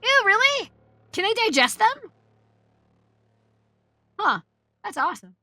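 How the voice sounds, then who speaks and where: A woman's voice: extremely high pitch, very animated, takes it slowly. A woman streamer chatting casually, telling a rambling, profane story and laughing as she greets her chat. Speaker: Twitch streamer.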